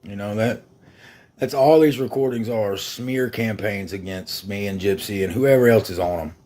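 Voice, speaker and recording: A man's voice: fairly low pitch, moderate pace, a little mellow. A man on a livestream defending himself in an aggrieved, self-justifying way. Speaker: livestreamer being reviewed.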